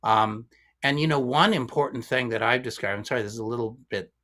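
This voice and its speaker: A man's voice: mid-range voice, quick pace, bright, forceful tone. A man in his fifties, a guest violinist, explaining ideas in a casual discussion, thoughtful and rambling with frequent restarts.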